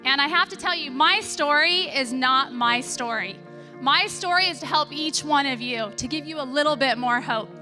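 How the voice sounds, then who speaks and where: A woman from California with a high voice gives an emotional, emphatic testimonial from a stage. Clear music plays behind her the whole time. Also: moderate pace, bright, forceful tone. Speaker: seminar speaker giving a testimonial.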